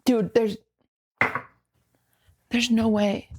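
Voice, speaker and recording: Chatty streamer woman, slightly high voice. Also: flat delivery, very slow, noisy background. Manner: chatty, self-deprecating, talks to chat. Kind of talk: casual live-stream chat.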